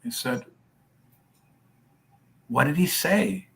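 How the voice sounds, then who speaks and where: A man's voice: fairly high pitch, lively intonation, drawn-out words, creaky, a bit bright. A man who founded a children's charity, telling a long story in an interview and acting out each person's lines. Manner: storytelling, acts out dialogue.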